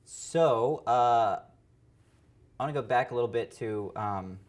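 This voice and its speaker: A man hosting an interview, relaxed and casual, with many fillers and quick bursts of speech, recorded in a theater. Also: medium pitch, slight background noise. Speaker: interview host. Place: theater stage.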